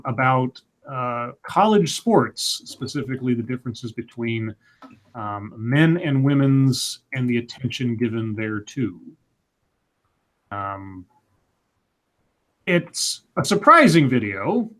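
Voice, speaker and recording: A man co-hosting a casual livestream, talking hesitantly with many pauses and fillers. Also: medium pitch, a bit bright. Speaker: co-host.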